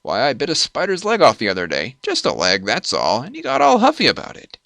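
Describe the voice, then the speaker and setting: Guy doing a whiny lady spider, vain and huffy, pitch all over the place. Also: wildly swooping pitch, fairly quick, gravelly, fairly bright tone, no echo, studio quality, exaggerated voice. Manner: whiny, self-pitying, huffy. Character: lonely, vain female giant spider, mother.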